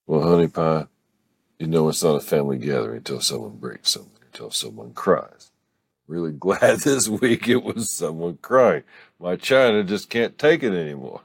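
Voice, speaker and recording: A man voicing a lively, teasing grandmother in a storybook reading. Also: low voice, normal speed, vocal fry, husky, no room sound, studio quality, voice pushed up, full character voice. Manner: teasing, exclaiming.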